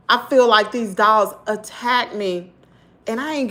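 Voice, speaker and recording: A woman's voice: fairly high pitch, a little slow. Indignant Southern woman vlogger. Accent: Southern American. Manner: animated, indignant storytelling, addresses viewers as y'all. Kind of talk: storytime vlog.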